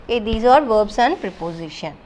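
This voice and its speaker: A woman's voice: a little high, expressive, a little fast, darkish tone, a little hiss or hum. A woman teacher with an Indian English accent, explaining word stress in a classroom lesson and repeating example words for drill.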